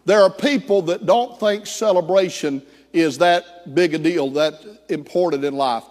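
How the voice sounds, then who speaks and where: A slightly high-voiced male pastor preaches to his congregation, telling stories with animated, acted-out voices. His voice rings with the long reverb of a large church hall. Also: a little slow. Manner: animated, acts out quoted voices. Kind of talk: sermon storytelling.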